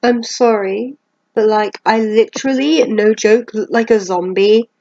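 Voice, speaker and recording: A woman's voice: mid-range voice, measured pace, darkish tone, no room sound, highs cut off. A woman doing a voice-over on her own old clips, teasing herself bluntly while keeping her voice down late at night. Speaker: vlogger. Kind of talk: self-mocking voice-over commentary.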